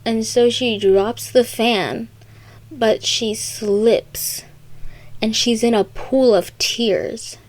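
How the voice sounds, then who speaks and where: A woman's voice: a little high, steady tone, extremely slow, a little mellow, dry recording. A young woman recapping a story for comedy, with sarcastic, rambling asides. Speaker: video creator.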